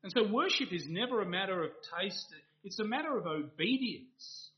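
A man's voice: sits high, big pitch swings, moderate pace, hardly any pauses. A man preaching an evening sermon in an earnest manner, building to emphatic rhetorical questions. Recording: dull lo-fi recording.

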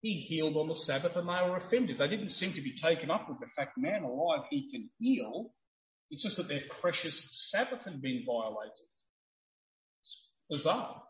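A man's voice: on the high side, animated, moderate pace, fairly bright tone. A man preaching a sermon in an emphatic style that builds to fervent peaks. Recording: roomy, dull lo-fi church recording.

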